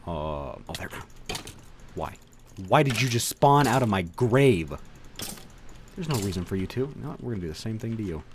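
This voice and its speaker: Excitable swearing young gamer guy. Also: on the low side, normal speed, pauses often, noisy background. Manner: swears a lot, animated outbursts, talks to game mobs. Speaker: gaming video creator. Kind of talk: let's play commentary.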